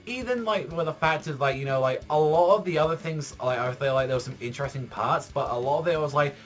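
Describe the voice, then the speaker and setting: A man's voice: on the high side, quick pace, faint music behind. Rambling casual man reviewing manga. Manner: rambling, heavy use of "like", swearing.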